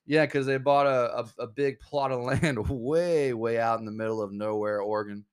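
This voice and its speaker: A young man hosting a casual podcast, laid-back and joking, talking in halting bursts with fillers. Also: mid-range voice, fairly even intonation, clear, resonant tone. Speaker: podcast host.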